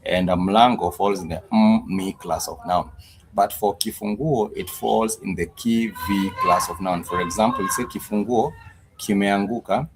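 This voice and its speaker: Deep-voiced male teacher on a live stream, slow and repetitive, noisy recording. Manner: patient, repeats words several times. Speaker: language teacher. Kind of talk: live-streamed language lesson.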